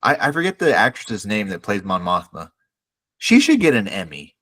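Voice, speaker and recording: A man co-hosting a podcast in casual chat, animated, acting out characters' lines. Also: on the low side, normal speed, slightly rough. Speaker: podcast co-host.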